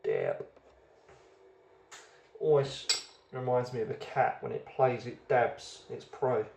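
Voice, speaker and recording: A man's voice: medium pitch, huge pitch swings, slow, gravelly, a little mellow, echoey room, a little hiss or hum. A man hosting a casual beer review video, chatty and rambling, often hesitating as he goes.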